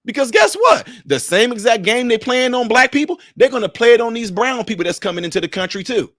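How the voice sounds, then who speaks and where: A man's voice: very high-pitched, fast, a bit bright, no room sound, clean studio sound. A man from Chicago giving a heated political commentary, preachy and mocking, talking straight to his viewers.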